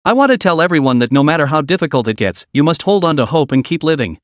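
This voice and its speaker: A man voicing a calm, determined young male film director speaking earnestly to his team. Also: on the high side, fast, dry recording, studio quality.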